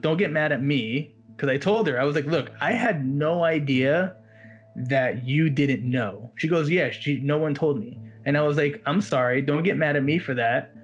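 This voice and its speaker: A man working as a walk-around magician, telling a story in an animated, casual chat. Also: on the high side, dull audio. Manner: animated, quotes others in his story.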